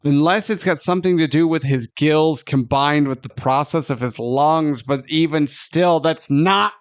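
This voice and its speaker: A man with a high voice co-hosts a comedy film review podcast, ranting in disbelief and swearing freely. The sound is close and dry with no room sound. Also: unhurried, no room sound. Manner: incredulous, ranting, profane. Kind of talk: casual comedic chat.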